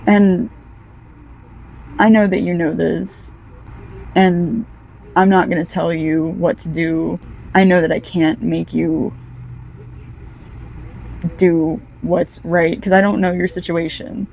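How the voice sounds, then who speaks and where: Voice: medium pitch, flat delivery, takes it slowly, vocal fry, pauses often, a little mellow, slight background noise, low-quality recording. A card reader giving a casual, heartfelt pick-a-card energy reading, talking straight to the viewer.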